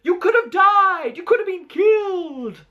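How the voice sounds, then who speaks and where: A man voicing an angry middle-aged mother scolding her son in a shrill, shrieking telling-off, quoting a film scene. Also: lively intonation, measured pace, highs cut off. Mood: furious.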